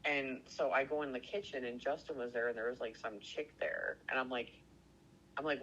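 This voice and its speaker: A man telling a story in casual chat, excitable and rambling, swearing constantly and stuffing every sentence with "like". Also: medium pitch, brisk, muffled recording. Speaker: podcast co-host.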